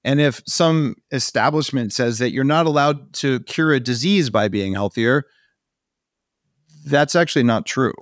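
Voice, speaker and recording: Animated male podcast host, dry sound. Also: medium pitch, unhurried, dry recording. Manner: animated, emphatic when making a point. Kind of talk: conversational interview.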